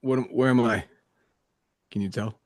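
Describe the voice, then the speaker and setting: A man's voice: mid-range voice, fairly even intonation, moderate pace, dry recording. A man from upstate New York co-hosting a casual podcast, making dry jokes and teasing his guests. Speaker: podcast co-host.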